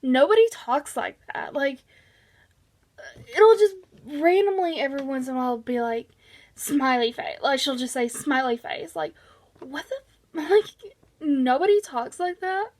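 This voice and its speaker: A woman with a high voice talks through a book review at an easy, unhurried pace. She is chatty and informal, with lots of "um"s and restarts. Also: lively intonation, a little mellow. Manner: chatty, many fillers and restarts. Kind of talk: casual book review vlog.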